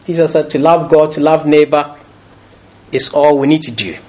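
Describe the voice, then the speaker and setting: A high-voiced, middle-aged man delivers a sermon, playful and quick to laugh. The sound is a little muffled and lo-fi. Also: a little hiss or hum. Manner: lively, jokey, often laughing as he talks. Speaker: preacher.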